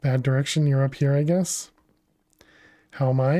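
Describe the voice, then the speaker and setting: A man streams a video game, chatting casually as he thinks aloud and responds to his chat, laughing often in a relaxed, unhurried way. His medium-pitched voice comes through clean studio sound with no room sound.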